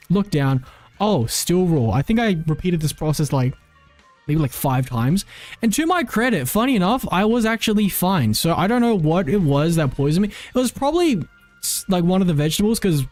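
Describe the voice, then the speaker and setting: A man's voice: a little high, darkish tone, no echo. A man streaming and chatting casually, rambling with lots of "like" and frequent self-corrections. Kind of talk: casual live-stream chat.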